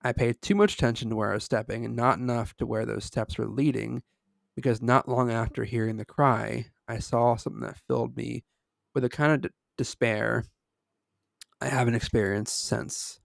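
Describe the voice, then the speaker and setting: A man's voice: mid-range voice, steady tone, normal speed, creaky, no echo, studio quality. A man reading a first-person horror story aloud in an earnest way, with small slips. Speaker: story reader.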